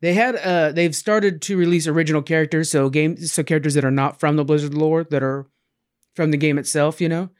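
A man's voice: a little high, steady tone, brisk. A man co-hosting a casual gaming chat, laid-back and slangy, explaining things to listeners. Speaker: podcast co-host.

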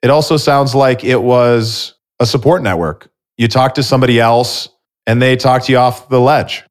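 A man's voice: medium pitch, fairly even intonation, normal speed. A man hosting a podcast interview who reflects on and sums up his guest's story, stressing key points for listeners. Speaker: podcast host. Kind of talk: interview conversation.

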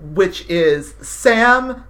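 Podcast co-host, casual analytical chat, very lively pitch swings, mid-range voice. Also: very slow. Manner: analytical, expressive, teasing. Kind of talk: casual chat recapping a TV episode.

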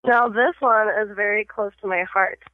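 A woman's voice: medium pitch, steady tone, moderate pace, no room sound. A woman in casual chat, quizzing her friend and giving short verdicts between giggles. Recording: tinny phone-line call.

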